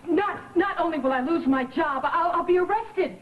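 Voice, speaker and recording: An actress playing a nervous bank employee in a 1980s TV soap, stammering in protest. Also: female voice, extremely high pitch, moderate pace, slight background noise. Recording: old TV broadcast, muffled.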